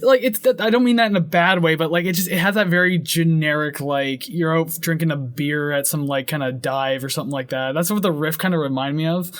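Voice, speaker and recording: A young man with a somewhat high voice reviews music in casual chat. He hedges constantly and wanders through his points with plenty of fillers. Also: fairly quick, hardly any pauses, a bit bright. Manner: rambling, hedging with many fillers. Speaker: podcast co-host.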